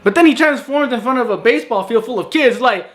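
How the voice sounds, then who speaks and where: A man's voice: very high voice, expressive, quick pace, a bit bright. A man casually recapping a movie in a rambling, sarcastic way, full of fillers and exasperated asides. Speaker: movie reviewer. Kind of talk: casual spoken review.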